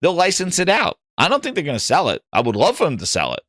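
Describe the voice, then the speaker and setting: A man's voice: on the high side, wildly swooping pitch, quick pace, fairly bright tone, no echo, studio quality. A man hosting a gaming livestream, talking casually, reading chat aloud and joking in mocking voices.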